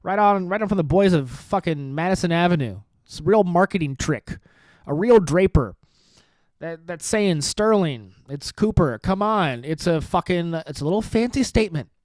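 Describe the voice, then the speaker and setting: High-voiced and animated, this podcast host speaks at normal speed with a darkish tone and no echo. He delivers a rambling, sarcastic, profane political rant, leaning on rhetorical questions and repetition.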